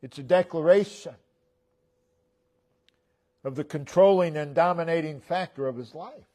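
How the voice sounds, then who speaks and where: A man preaching a sermon as pastor in a church, repeating key phrases with emphasis and letting phrase ends fall to a low murmur. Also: a little slow, mellow. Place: church sanctuary.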